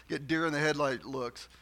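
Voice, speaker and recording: A man's voice: on the high side, fairly bright tone. A man preaching a sermon as pastor in a church, talking conversationally to the congregation and repeating phrases for emphasis.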